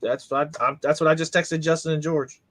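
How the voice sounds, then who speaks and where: A man calls out the rankings from his notes in brisk, matter-of-fact fashion, teasing the host along the way. His voice is bright and somewhat high, and the sound is dry and close. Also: steady tone, no echo. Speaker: co-host reading results. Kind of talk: casual chat.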